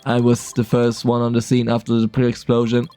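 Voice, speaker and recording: A man streaming a game, reading a terse male bomb expert in a flat, clipped, machine-like delivery. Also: medium pitch, normal speed, faint music behind, natural voice. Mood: clipped robotic. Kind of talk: casual game dialogue reading.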